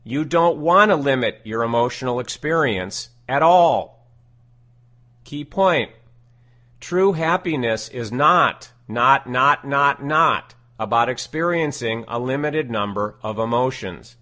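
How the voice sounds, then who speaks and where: A man giving scripted self-help teaching in a deliberate, emphatic way, repeating his key phrases. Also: mid-range voice, animated, bright, forceful tone.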